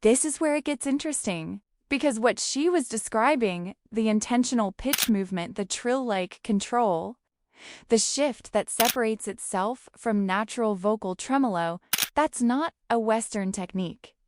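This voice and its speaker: A woman's voice: on the high side, moderate pace. A woman giving scripted narration in short, emphatic, dramatic phrases. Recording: clear background noise.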